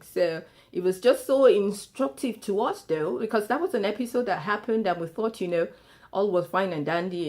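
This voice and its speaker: Lowish woman telling stories. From Nigeria. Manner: animated storytelling, acts out family quotes. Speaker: speaker sharing life lessons. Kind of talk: storytelling talk.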